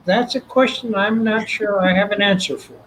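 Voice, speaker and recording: An older man from Texas with a Texan accent, a guest telling his story in an animated way and acting out the voices. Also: high-pitched, normal speed, a little hiss or hum, poor audio. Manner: animated, acts out quoted voices. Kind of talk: storytelling interview.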